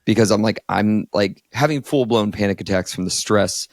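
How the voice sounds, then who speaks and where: A man's voice: lowish voice, moderate pace, dry recording, studio quality. A man in his thirties from Northeast Ohio, a therapist co-hosting a podcast, telling a personal story candidly, with many "like"s. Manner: candid, heavy use of "like", emotional storytelling. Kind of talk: casual podcast conversation.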